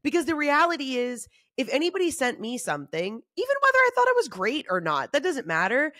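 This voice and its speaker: A woman comedian talking in a casual solo monologue, animated and swearing freely, acting out other people's voices. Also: fairly quick, no echo, studio quality. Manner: acts out quoted voices in shifting pitch. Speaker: comedian and podcast host.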